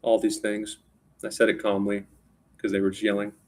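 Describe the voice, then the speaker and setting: A man's voice: lowish voice, completely flat delivery, moderate pace. A man telling a rambling personal story in a casual spoken style, often restarting and repeating words.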